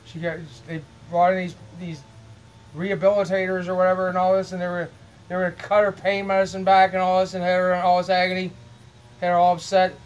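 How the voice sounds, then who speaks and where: Middle-aged man vlogging from his home: high, monotone, aggrieved, restarting his sentences as he goes. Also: quick pace, lo-fi sound, slight background noise. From Illinois, US. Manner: repeats words, restarts, aggrieved. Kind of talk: rambling monologue to camera.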